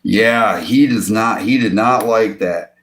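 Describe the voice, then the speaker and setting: A man hosting a casual livestream from his home beside a fish tank. He chuckles often and coos at his pet fish in sudden high bursts. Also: slow, a bit bright. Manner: chuckles often between remarks. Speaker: fishing channel host.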